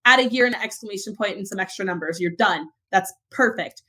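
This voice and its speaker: A young woman co-hosting a podcast, talking in an animated, emphatic way as she rants about security advice. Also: medium pitch, fast talker. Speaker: podcast co-host. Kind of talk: casual podcast chat.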